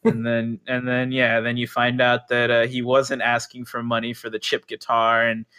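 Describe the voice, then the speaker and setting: A man's voice: mid-range voice, monotone, moderate pace, sharp tone, clear, resonant tone. A man chatting casually about an anime series, rambling with frequent fillers, restarts and swearing. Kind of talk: casual chat.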